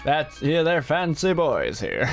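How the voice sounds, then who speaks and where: A man's voice: a little high, huge pitch swings, slow, faint music behind. A man streaming a video game, tired and losing his voice, joking and laughing, with frick and freaking in place of swears. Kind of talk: casual live-stream commentary.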